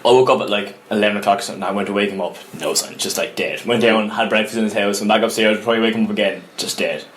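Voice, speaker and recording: A man's voice: lowish voice, very fast, few pauses, slight background noise. Young Irish man telling stories with laughs. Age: young adult. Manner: animated, laughs through his stories. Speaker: podcast co-host. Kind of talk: casual storytelling chat.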